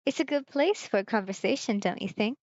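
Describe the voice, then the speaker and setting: A friendly young man chatting over drinks with a stranger in a game, speaking with a put-on country twang, as a woman reads him. The voice sits fairly high, with a dry and slightly dull recording. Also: animated, brisk, a little mellow, no room sound. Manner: says she gives him a country accent.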